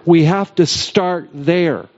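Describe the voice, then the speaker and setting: A man preaching a sermon in a church, stressing key phrases by repeating them slowly. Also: a little high, darkish tone, dull audio. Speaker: pastor. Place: church sanctuary.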